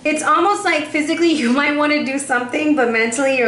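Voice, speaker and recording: Woman, tarot reader, chatty, talks straight to the viewer, a bit breathless, fairly high voice, roomy echo. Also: fast talker, few pauses, fairly bright tone. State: slightly out of breath. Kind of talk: casual tarot reading to camera. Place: warm indoor room. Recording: roomy echo, faint background noise.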